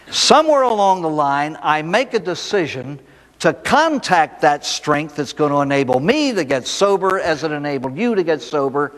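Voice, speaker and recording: A man, a priest, giving a recovery talk in a folksy storytelling way, firing off rhetorical questions and dropping from loud emphasis to hushed asides. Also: on the high side, big pitch swings, measured pace, long reverb tail.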